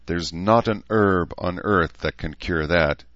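A man's voice: deep voice, takes it slowly, a bit bright, dry recording, lo-fi sound. A man doing a shrewd folksy herbalist woman. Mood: wry. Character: earthy middle-aged woman herbalist, shrewd.

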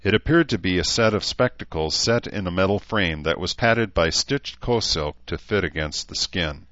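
A man reading an audiobook in an even, measured way. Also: low-pitched, dry recording, highs cut off. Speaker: audiobook narrator. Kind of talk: scripted narration.

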